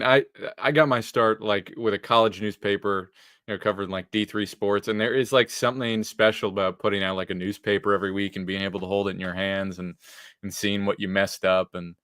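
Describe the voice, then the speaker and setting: A young adult man, a sports journalist hosting a podcast, talking relaxed with many fillers. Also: fairly low pitch, clean tone, no room sound, studio quality. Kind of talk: casual talk show chat.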